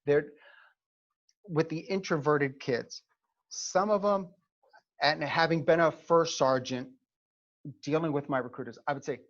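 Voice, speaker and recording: A middle-aged man, speaking in a slightly raised voice as an animated storyteller. He often checks in with his listeners as he talks. The sound is a muffled, lo-fi video call recording. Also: fairly high pitch, a little slow, pauses often. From New York. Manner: animated storyteller, frequent "okay?" check-ins. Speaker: Army recruiting advisor, former first sergeant. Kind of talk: conversational seminar talk.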